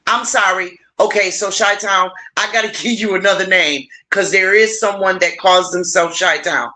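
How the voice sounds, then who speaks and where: A middle-aged woman hosting a casual livestream, warmly encouraging her viewers and talking to them directly. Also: normal speed. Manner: warm, encouraging, animated with big pitch swings; playful, addresses viewers directly. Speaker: livestream host.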